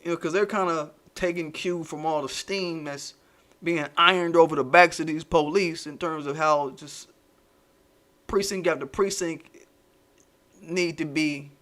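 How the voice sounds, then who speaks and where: A man hosting a casual commentary stream, ranting in profane, animated street slang. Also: on the high side, unhurried. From United States. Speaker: channel host.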